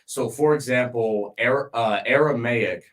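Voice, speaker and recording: A man's voice: medium pitch, measured pace, a bit bright. A man co-hosting a casual podcast chat, explaining ideas at length with many ums and restarts. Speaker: podcast co-host.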